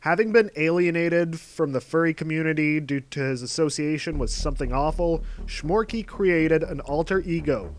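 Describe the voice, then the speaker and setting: A man's voice: fairly high pitch, moderate pace, few pauses. A man narrating a scripted video essay in a sardonic, exasperated manner.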